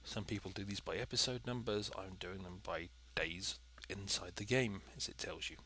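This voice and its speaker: A man's voice: low voice, moderate pace, sharp tone, slight background noise. A man giving chatty, dry, methodical commentary while playing a cooking game. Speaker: let's play host. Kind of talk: gameplay commentary.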